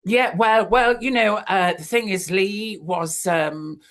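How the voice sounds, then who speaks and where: A guest in their sixties tells stories at an easy, rambling pace. The voice leaps up and drops down in pitch as the stories go on, full of ums and you-knows. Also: slow pace, a bit bright. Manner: chatty storyteller, many fillers, big pitch swings. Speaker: guest, former recording artist. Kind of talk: anecdotal interview chat.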